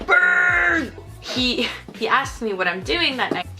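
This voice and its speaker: A woman's voice: fairly high pitch, animated, measured pace, over music. A woman co-hosting a casual chat, telling stories in a wry, joking way. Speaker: podcast co-host.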